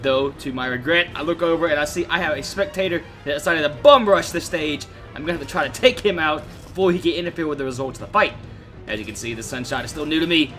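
A man's voice: on the high side, bright, forceful tone. A young man hosting a gaming channel, giving casual, jokey, profane gameplay commentary to his viewers.

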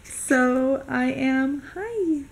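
A young woman narrating a casual family vlog to camera, chatty and candid with quick run-on asides. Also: sits high, animated, creaky. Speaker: family vlogger.

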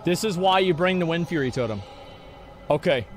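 Excitable male game streamer. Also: fairly high pitch, normal speed, soft background music. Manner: excitable, swearing, repeating himself. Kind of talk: live-stream gaming commentary.

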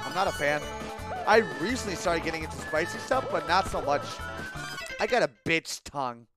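A man with a high-pitched voice chats casually as he streams a game, telling stories in an animated, swear-heavy way. Game music plays clearly underneath him. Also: moderate pace. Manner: animated, profane storytelling. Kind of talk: casual chat while streaming gameplay.

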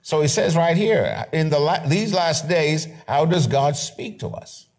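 A middle-aged male pastor preaching a sermon with emphasis, slowing down to read scripture and repeating key phrases. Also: on the high side, expressive, a little mellow. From Canada.

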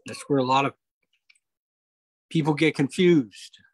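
A man leading a Bible study over a video call, explaining scripture step by step, often pausing on okay and uh. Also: on the high side, no echo, poor audio. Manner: explanatory, repeats key points, frequent okay and uh. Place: home, online meeting.

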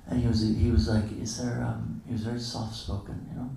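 A man's voice: on the low side, flat delivery, fairly quick, vocal fry, mellow. A man giving a casual, anecdotal morning lecture at a temple, acting out the dialogue of his stories with chuckles. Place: temple hall. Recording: very echoey hall, distant mic.

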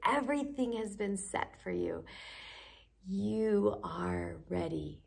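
A woman coaching listeners through a guided breathing practice, with gushing, excited encouragement and frequent drops into a breathy whisper. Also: mid-range voice, slow. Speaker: manifestation coach.

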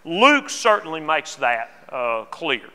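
Bright-voiced preacher man in a reverberant church. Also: a little high, big pitch swings, slow pace. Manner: earnest, repeats words when restarting. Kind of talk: sermon. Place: church auditorium. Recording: long hall reverb.

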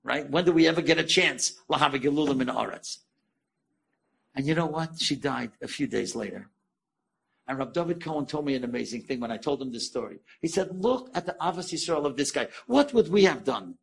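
A male rabbi tells an inspirational story with a fairly high voice that has a raspy, gravelly grain. He acts out the characters' lines with sudden leaps in pitch, then turns to his listeners with direct questions. The voice stays husky and a little breathy throughout. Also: brisk. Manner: animated, acts out quoted dialogue with sudden high pitch jumps; asks the audience direct questions.

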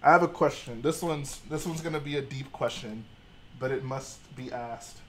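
A man's voice: medium pitch, moderate pace, fairly bright tone, slight background noise. A young man from Texas hosting a casual livestream, trading laid-back jokes with his chat. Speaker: livestream host.

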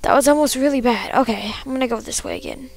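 A woman's voice: sits high, fast talker, creaky. A woman giving let's play commentary, talking to herself with frequent frustrated outbursts as she plays. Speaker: gamer.

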